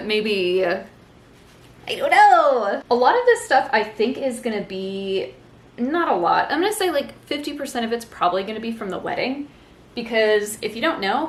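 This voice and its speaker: A young woman vlogger sits on her living room floor going through her decorations, chatting in a rambling, self-mocking way. Her mid-range voice carries a little hiss or hum, and the room is echoey with faint ambience.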